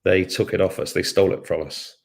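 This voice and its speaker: A man's voice: deep voice, steady tone, brisk, creaky, darkish tone. A middle-aged man hosting a casual live stream from his home kitchen, rambling and chatty as he reads out viewer comments and hums to himself between them. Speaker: livestream host.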